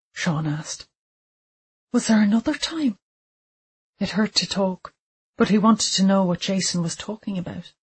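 A woman reading a dark thriller audiobook aloud, measured and deliberate, with quiet tension. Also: lowish voice, husky. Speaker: audiobook narrator. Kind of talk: scripted narration of a dark thriller.

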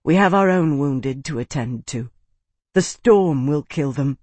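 A woman's voice: low voice, expressive, measured pace, a little mellow, no echo. A man reading an audiobook and voicing a young woman steadholder who gives commands with urgent force. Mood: firm. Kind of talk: audiobook character voice.

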